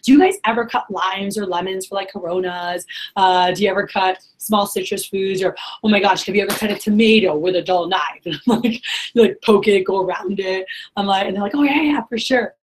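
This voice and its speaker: A woman's voice: mid-range voice, fairly even intonation, fairly quick, low-quality recording. A young woman leading a sales workshop. She talks chattily with lots of energy, quizzes the room, and acts out customer reactions. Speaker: sales trainer. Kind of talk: workshop teaching talk. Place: meeting room, in front of a group.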